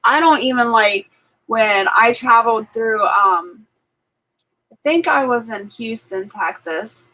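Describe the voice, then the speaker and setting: A woman's voice: on the high side, slow, pushed and bright, poor audio. A woman hosting a live cooking stream from her kitchen, chatting casually with viewers, telling stories with plenty of fillers and frequent laughter. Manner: chatty storyteller, laughs often, filler-heavy. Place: home kitchen.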